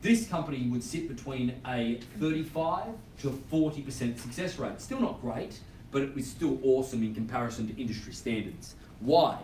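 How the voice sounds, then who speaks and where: A man's voice: mid-range voice, expressive, normal speed, a little mellow. Man coaching in an echoey room. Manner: direct, coaching, tags lines with "okay?". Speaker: real estate auction trainer. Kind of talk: training seminar talk. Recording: echoey room with faint background noise.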